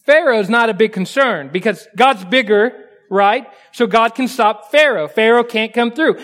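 A male pastor preaches in a conversational way, putting rhetorical questions to the congregation and swinging from quiet asides to emphatic, raised lines. His voice is extremely high-pitched and his speed is normal.

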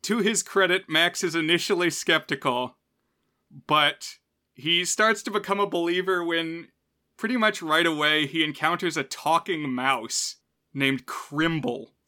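A man with a bright, forceful voice, set a bit higher than most, picking apart a cheap film on a podcast. He talks in an animated, chatty way and keeps breaking into laughter mid-sentence. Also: slow pace, pauses often. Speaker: podcast co-host. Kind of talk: casual film review chat.

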